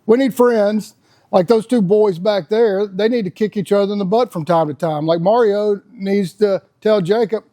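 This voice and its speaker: A man's voice: sits high, moderate pace, warm tone. Folksy man in his fifties. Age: 50s. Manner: folksy, blunt, laughs often. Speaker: podcast host. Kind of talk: casual monologue.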